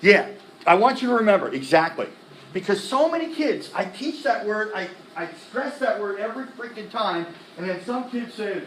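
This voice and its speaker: A man teaching music theory in a classroom lecture, animated, firing quick questions at the students and tossing in slang. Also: high voice, a little hiss or hum. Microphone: laptop recording the lecture. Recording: echoey classroom from a distance.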